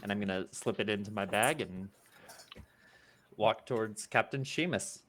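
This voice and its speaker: A man's voice: lowish voice, normal speed, a bit bright. A man playing a tabletop role-playing game, speaking plainly and matter-of-factly. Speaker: player.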